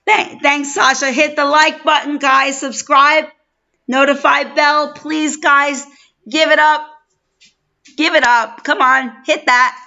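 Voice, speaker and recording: A woman's voice: sits high, steady tone, slow pace, sharp tone. A middle-aged woman from New York with a New York accent, hosting a live stream and chatting effusively with viewers by name. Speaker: livestream host. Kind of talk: casual live-stream chat. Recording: dull lo-fi stream audio.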